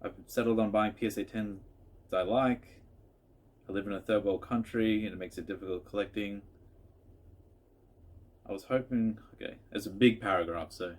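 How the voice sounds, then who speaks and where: A man talks his way through viewer questions in a casual home vlog. His voice sits fairly low and has a husky edge. He rambles in a chatty way, often restarting his sentences. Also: moderate pace, long pauses. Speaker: card collector answering viewer questions.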